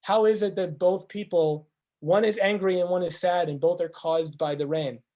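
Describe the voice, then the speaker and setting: A man with a high, mellow voice delivers a motivational talk. He speaks earnestly and stacks up rhetorical questions to drive each point home. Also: normal speed. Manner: earnest, acts out quoted speakers in lively voices. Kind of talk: motivational presentation.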